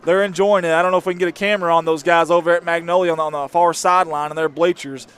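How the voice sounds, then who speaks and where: A man calling a live high school football game, folksy and jokey, reading fan comments aloud and shouting on big plays. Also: steady tone, rapid-fire, clear, resonant tone. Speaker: play-by-play commentator. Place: press box at an outdoor stadium.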